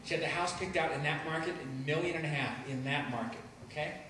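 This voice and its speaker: Rambling comedian in an echoey noisy room. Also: male voice, fairly high pitch, fast talker, pushed and bright, distant mic. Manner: rambling, self-deprecating, stammering restarts. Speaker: stand-up comedian. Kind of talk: stand-up comedy set. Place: live comedy venue.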